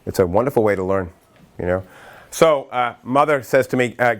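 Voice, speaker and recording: Lively middle-aged man giving a workshop talk. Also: medium pitch. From Massachusetts, USA. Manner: lively storyteller who acts out quotes and breaks into chanting; talks in quick bursts with self-interruptions. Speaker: workshop speaker for educators. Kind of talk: energetic training talk to an audience.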